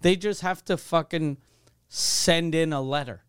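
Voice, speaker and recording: A man's voice: on the high side, unhurried, smooth, no echo, clean studio sound. A man from Canada co-hosting a podcast, telling a story in casual, profane chat and acting out phone calls. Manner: profane, animated storytelling, acts out quoted calls. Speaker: podcast co-host.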